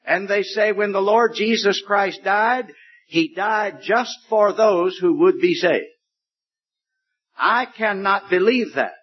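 A man preaching a sermon, slow and deliberate, stretching words for emphasis. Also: sits high, husky. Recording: dull lo-fi recording.

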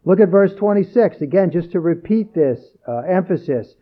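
A man's voice: high voice, lively intonation, moderate pace, hardly any pauses, narrow, tinny audio. A man preaching a sermon, reading scripture aloud and repeating key phrases with earnest emphasis.

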